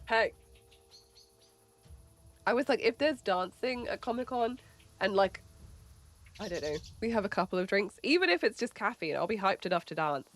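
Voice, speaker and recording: A woman's voice: medium pitch, expressive, moderate pace, long pauses. A woman in her late twenties with an English accent, chatting casually with her stream viewers, laughing often and swearing freely. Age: late 20s. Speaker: livestreamer.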